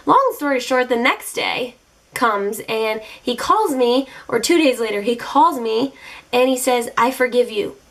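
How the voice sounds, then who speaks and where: In an unhurried home vlog, a young woman whose voice sits a little higher than most talks to camera about her dating life. She's casual yet animated, with a sassy, openly exasperated edge.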